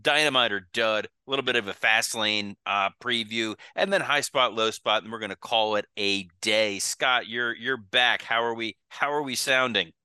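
Casting: male podcast host, very bright clear voice, loose casual delivery with swearing. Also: mid-range voice, normal speed, few pauses, dry recording. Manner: loose, swearing, restarts often. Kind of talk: casual chat.

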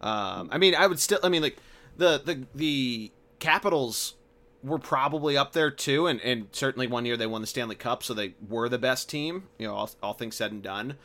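A man co-hosting a podcast in casual sports chat, piling on details and records, often trailing off more quietly. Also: medium pitch, animated, normal speed. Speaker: podcast co-host.

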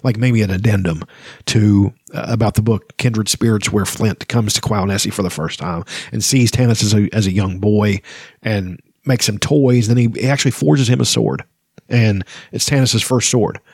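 Husky-voiced man reading a fantasy novel aloud. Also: on the low side, darkish tone, dry recording, clean studio sound. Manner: emotional, halting, many restarts. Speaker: reader and book fan.

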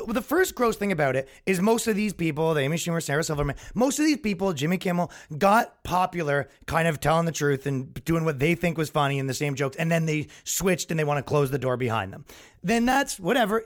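A young man rants on his podcast in a loose, comic way, speaking a bit higher than most men. He acts out what other people said without putting on voices, and his pitch jumps up as he gets worked up. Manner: animated, acts out quotes in his own voice. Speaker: podcast host. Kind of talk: casual comedic rant.

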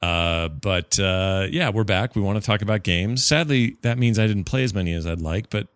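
A man's voice: fairly low pitch, moderate pace, fairly bright tone, no room sound. A man hosting a podcast in casual, joking chat with a co-host. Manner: chatty, joking, self-deprecating.

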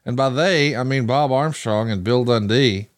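A man's voice: mid-range voice, moderate pace, dry recording, clean studio sound. Enthusiastic storytelling male host. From American South. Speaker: podcast host. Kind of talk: casual commentary chat.

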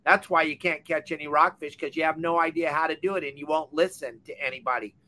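Fired-up older man, bright and high. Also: fairly even intonation, quick pace. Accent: Southern Californian. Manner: fired-up, blunt, scolding. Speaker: fishing podcast host. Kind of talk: impassioned rant. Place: on a boat or dock.

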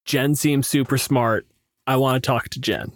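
A man's voice: mid-range voice, steady tone, normal speed, no room sound, studio quality. A young man from Canada, co-hosting a podcast as its game master, chatting casually in a rambling, self-deprecating way. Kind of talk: casual chat.

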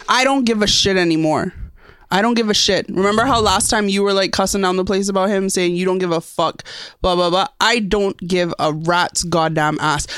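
Profane ranting woman, low voice. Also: a bit bright, dry recording, studio quality. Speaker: podcast co-host. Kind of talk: casual podcast chat.

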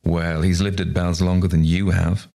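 A man's voice: low voice, little pitch movement, moderate pace, vocal fry, warm tone. A man reading aloud, voicing a wry, laconic male guest.

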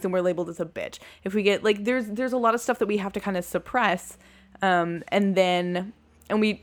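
A young woman co-hosting a podcast in casual chat, rambling as she thinks aloud with lots of "like". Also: medium pitch. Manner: rambling, heavy use of "like".

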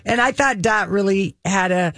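A man's voice: sits high, moderate pace, sharp tone, no room sound, studio quality. A man co-hosting a pop culture podcast, recapping a show with enthusiasm in casual chat. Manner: enthusiastic, recaps with acted quotes. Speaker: podcast co-host.

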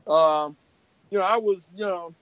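Older guy with a high voice spinning funny stories, dry dull lo-fi sound. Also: a little slow, smooth, no echo. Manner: animated, laughing, acts out quoted voices. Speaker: comic artist guest. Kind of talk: anecdotal storytelling. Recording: dull lo-fi recording.

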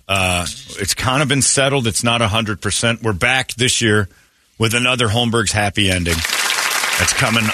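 A man's voice: fairly low pitch, pushed and bright. A man hosting a morning radio show, rambling through announcements and teasing his co-host. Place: radio studio.

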